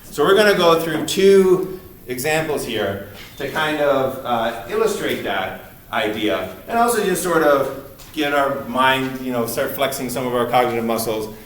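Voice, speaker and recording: A man's voice: medium pitch, a bit bright, slight background noise. Earnest male lecturer in an echoey room. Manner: earnest, emphatic, with frequent restarts. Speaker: university lecturer. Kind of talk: recorded class lecture. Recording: distant mic in an echoey room.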